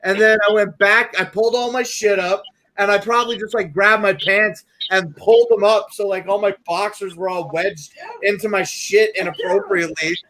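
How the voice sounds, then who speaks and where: A man's voice: high-pitched, steady tone, normal speed, sharp tone, low-quality recording. A young man co-hosting a podcast, telling crude stories in a profane, rambling way. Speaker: podcast co-host. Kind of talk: casual chat.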